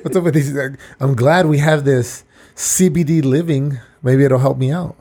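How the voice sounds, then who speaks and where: A man's voice: medium pitch, steady tone, moderate pace, mellow. A young man co-hosting a casual podcast chat, rambling and profane, laughing as he tells stories. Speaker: podcast co-host.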